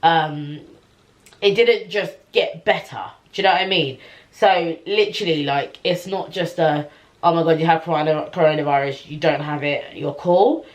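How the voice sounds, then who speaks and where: A young woman recounting her story straight to camera, her voice sitting low for a woman. She talks in a loose, animated way, full of slang, "like"s and fillers. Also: moderate pace, muffled recording. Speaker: vlogger.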